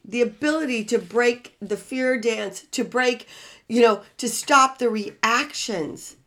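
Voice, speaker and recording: A woman's voice: fairly high pitch, fairly bright tone. A middle-aged woman hosting a relationship podcast, talking emphatically in a preachy, motivational way and repeating key phrases.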